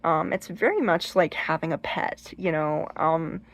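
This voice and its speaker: She speaks at a measured pace in a low-pitched, gravelly voice. Running her own channel, she dispenses casual, wandering advice about haunted objects, with plenty of restarts and emphatic, acted-out shrieks and gestures.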